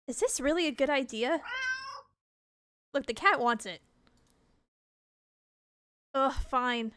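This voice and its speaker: A woman's voice: high voice, takes it slowly, long pauses, fairly bright tone, no echo, studio quality. Giggly woman streamer reading a game aloud. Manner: giggly, reacts with disgust and laughter.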